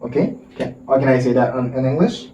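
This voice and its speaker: Male English teacher, slow repetitive drilling, echoey far-off mic with faint hiss. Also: mid-range voice, warm tone. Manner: slow drilling, repeats words and asks for repetition. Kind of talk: vocabulary lesson for Haitian Creole and French speakers. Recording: roomy, distant mic with faint noise.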